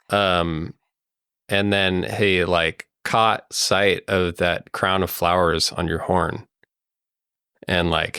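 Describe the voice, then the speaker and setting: A deep-voiced man runs a tabletop game at an unhurried pace, wandering through his descriptions with plenty of ums and likes. His voice is close and dry, with no room sound. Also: fairly bright tone, no room sound. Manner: meandering, full of ums and likes. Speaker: game master.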